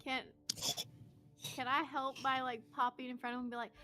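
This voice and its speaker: A woman player in a tabletop game, chatty and eager. Her voice is high and bright, with light music faint behind her. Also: flat delivery, moderate pace. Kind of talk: casual tabletop chat.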